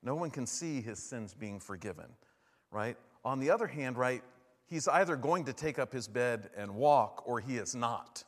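A man's voice: mid-range voice, animated, normal speed. A man preaching a conversational sermon, often checking in with "right?" and acting out the voices of people he quotes. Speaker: pastor. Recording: long hall reverb.

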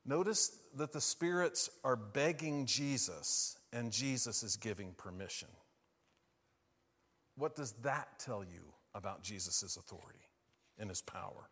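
A man preaching a sermon, asking his listeners questions and moving between hushed and loud, emphatic lines. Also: fairly low pitch, lively intonation, a little slow, breathy edge, long reverb tail.

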